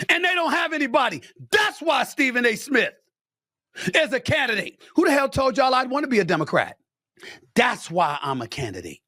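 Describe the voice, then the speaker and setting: High, bright, shouting male pundit. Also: no room sound, studio quality. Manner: loud, emphatic, repetitive. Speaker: sports commentator and show host. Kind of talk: heated talk-show rant.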